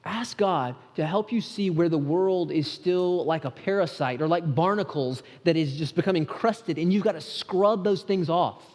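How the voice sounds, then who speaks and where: A man's voice: a little high, moderate pace, few pauses, a little mellow. A male pastor preaching a sermon in an earnest, conversational way, often restarting his sentences. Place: church sanctuary. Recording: church hall with long reverb.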